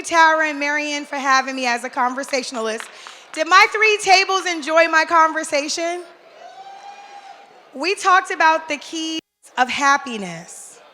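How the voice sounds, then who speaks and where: A woman's voice: high voice, bright, forceful tone. A woman giving brief, bubbly, self-deprecating remarks on stage with a handheld mic at a live event. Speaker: event conversation leader. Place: large hall at a live event. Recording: echoey hall with faint ambient noise.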